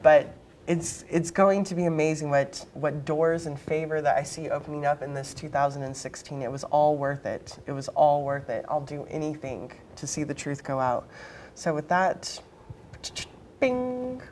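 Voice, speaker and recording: Low-voiced woman guest, blunt and emphatic, telling her story in an interview. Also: normal speed, darkish tone, slight background noise.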